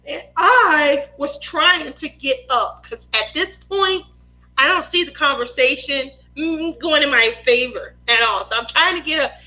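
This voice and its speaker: A woman, a mother of two, hosting a craft livestream and telling a family story in a lively, laughing way, often acting out other people's lines. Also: high-pitched, a little slow, low-quality recording. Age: adult mother of two.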